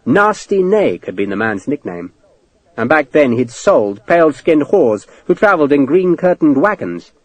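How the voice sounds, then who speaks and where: A man reading a novel aloud as narrator, with an expressive delivery. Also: fairly high pitch, normal speed, no room sound. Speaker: audiobook narrator. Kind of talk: scripted narration.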